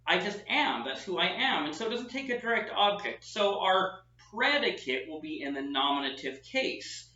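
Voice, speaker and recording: A man's voice: high-pitched, sing-song, moderate pace, hardly any pauses, sharp tone. Man lecturing in an echoey classroom. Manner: chatty, self-deprecating teaching. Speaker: professor. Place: classroom with whiteboard. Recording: echoey, distant, dull room sound.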